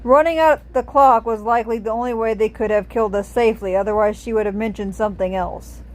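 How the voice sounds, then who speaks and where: A woman reading aloud, voicing a gruff, suspicious male warrior who talks in a blunt, sarcastic way. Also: a little high, steady tone, fast, close to an everyday voice.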